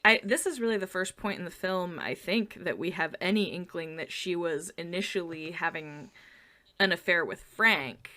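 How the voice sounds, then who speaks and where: A woman's voice: fairly low pitch, moderate pace. A woman co-hosting a podcast in casual chat, laughing often as she talks. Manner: giggly, animated, laughs often. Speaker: podcast co-host.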